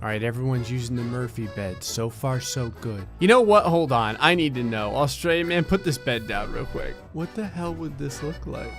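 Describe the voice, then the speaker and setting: A man giving sarcastic, comedic commentary over gameplay, voicing his characters in quick silly asides. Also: mid-range voice, animated, vocal fry, fairly bright tone, soft background music. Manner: sarcastic, playful, voices sims in silly asides. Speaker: let's play commentator.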